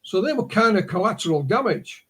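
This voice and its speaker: A man's voice: sits high, big pitch swings, a little fast, slightly rough. A man with a northern English accent, a guest on a podcast interview, recounting a case as a story and often restarting his words. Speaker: guest researcher.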